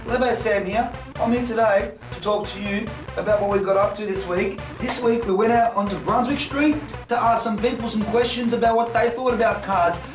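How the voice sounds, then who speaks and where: A man's voice: high-pitched, steady tone, brisk, hardly any pauses, far from the mic, close to an everyday voice. A man playing a cocky, rowdy young larrikin host who talks straight to the camera in slang. The sound is roomy and set back from the mic, with music playing behind. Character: brash young male street larrikin host.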